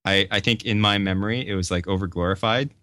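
A man's voice: lowish voice, fairly even intonation, fast, sharp tone, no echo, studio quality. A man talking casually on a podcast, telling stories with lots of fillers and laughter.

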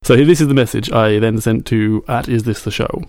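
A man chatting as a podcast co-host, his voice carrying a gravelly edge. He is recorded close and dry, with no room sound. He plays up the messages he reads aloud with mock drama. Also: mid-range voice, moderate pace, few pauses, darkish tone, dry recording. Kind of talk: casual chat.

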